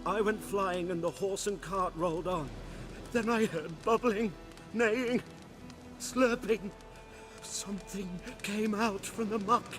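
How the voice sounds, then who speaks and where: An actor playing a frightened, pleading middle-aged merchant in a video game, speaking in old-fashioned rustic phrasing. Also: male voice, sits high, fairly even intonation, slow pace, fairly bright tone. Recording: game audio with music behind.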